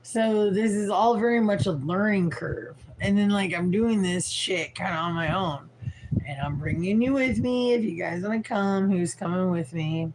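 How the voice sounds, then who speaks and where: A woman's voice: medium pitch, moderate pace, a little mellow, slight background noise, poor audio. A tired woman from St. Louis rambling frankly through a livestream, swearing casually and leaning on fillers. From Midwest US, St. Louis. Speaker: vlogger livestreaming.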